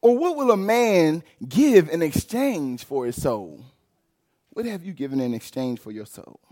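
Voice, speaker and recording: A male pastor preaching a sermon in a church, telling a personal story with lively, rising delivery and shouts. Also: fairly high pitch, a little slow. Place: church sanctuary.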